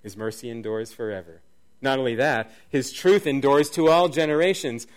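A middle-aged man preaching a sermon, swinging from near-shouts down to a soft, low voice. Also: moderate pace. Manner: dynamic preaching, rising to near-shouts then dropping soft. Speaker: pastor.

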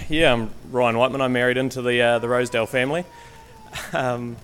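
Brisk and a little bright, the medium-pitched voice keeps a fairly steady intonation over slight background noise. The speaker is a Canterbury, New Zealand man preaching as a guest layman in a loose, faltering talk with plenty of ums and restarts. He occasionally steps away from the stage microphone.

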